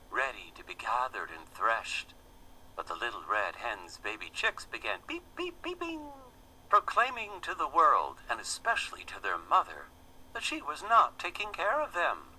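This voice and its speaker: Animated man reading a fable. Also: medium pitch, a little hiss or hum, low-quality recording. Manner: gentle, expressive storybook reading. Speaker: storyteller. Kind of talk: reading a children's fable aloud.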